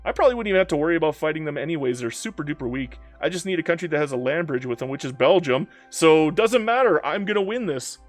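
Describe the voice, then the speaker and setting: Give me an excitable man streaming a strategy game, bouncy and high, with faint music underneath. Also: quick pace, hardly any pauses. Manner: excitable and playful, talks to in-game nations. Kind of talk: live strategy-game commentary, reading chat.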